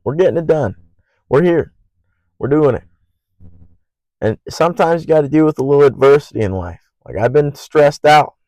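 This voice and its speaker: Loud, swearing young man podcasting solo. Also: on the high side, lively intonation, moderate pace, pauses often, no room sound, low-quality recording. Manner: profane, rambling and earnest; loud by habit. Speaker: podcast host. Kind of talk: casual solo podcast monologue.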